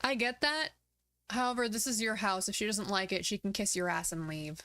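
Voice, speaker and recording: A woman's voice: medium pitch, brisk, fairly bright tone, no room sound. Blunt, swearing woman streamer. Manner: frank, blunt, swears freely. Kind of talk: casual chat on a gaming livestream.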